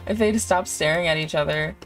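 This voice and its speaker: A young woman giving chatty, giggly commentary over a life-sim game, full of fillers. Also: deep voice. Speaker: let's play creator.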